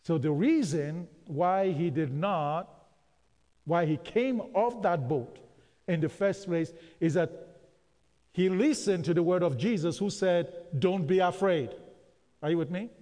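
In this recording with long hall reverb, a man with a high-pitched, dark voice preaches a sermon at an unhurried pace. He calls on the congregation to answer and repeats phrases for emphasis.

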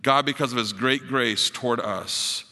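A man preaching a sermon as pastor, building to emphatic high points and dropping to soft, quiet appeals. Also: a little slow, in a large hall. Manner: rises to emphatic peaks, drops to soft closing appeals.

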